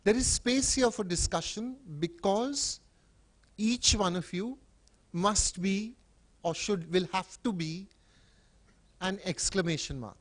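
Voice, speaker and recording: An older man from Bombay speaks at a public event with a high, expressive voice. He tells stories wryly and emphatically, swinging between loud bursts and soft asides. The sound is close and dry, with no room echo. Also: slow pace, long pauses. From Bombay, India. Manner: expressive, wry and emphatic, with sudden swings in loudness and pitch. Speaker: teacher and writer speaking at a book event. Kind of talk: public talk with anecdotes.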